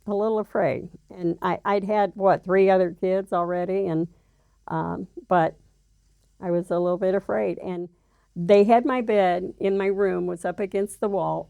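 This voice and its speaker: An older woman with a low, gravelly voice tells her story in an interview. Her telling is halting, with many fillers and restarts. The recording is close and dry. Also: dry recording, narrow, tinny audio.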